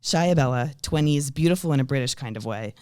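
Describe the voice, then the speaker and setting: Deadpan man reading a comedy script. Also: medium pitch, brisk, smooth, dry recording, studio quality. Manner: deadpan reading of stage directions, breaking into laughter. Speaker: script reader. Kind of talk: comedic table read.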